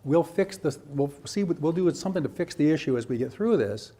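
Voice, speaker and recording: A man with a fairly high, mellow voice speaks animatedly at a fairly quick pace. Presenting at a teacher training workshop, he lectures educators, acting out teachers and students and posing rhetorical questions.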